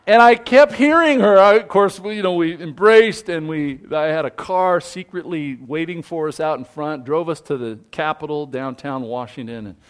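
A man's voice: on the high side, moderate pace, hardly any pauses. A middle-aged man preaching a sermon as pastor, telling stories with animation and acting out the voices of people he quotes.

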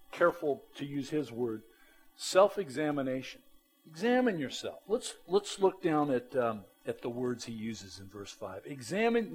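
Animated man preaching a sermon. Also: fairly high pitch, rough recording. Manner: animated preaching, emphatic, plain-spoken. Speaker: pastor.

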